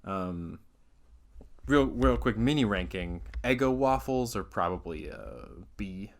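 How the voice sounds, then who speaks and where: A man co-hosts a podcast in a relaxed chat. His voice sits on the low side. He teases with a dry, deadpan humor. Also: takes it slowly, gravelly. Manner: teasing, dry. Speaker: podcast co-host. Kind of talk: casual chat.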